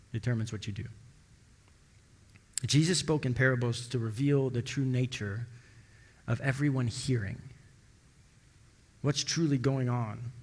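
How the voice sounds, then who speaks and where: A man preaching a sermon as pastor, telling stories and acting out the dialogue with lively shifts of voice. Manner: storytelling, acting out dialogue with rising pitch. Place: church sanctuary. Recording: long church hall reverb.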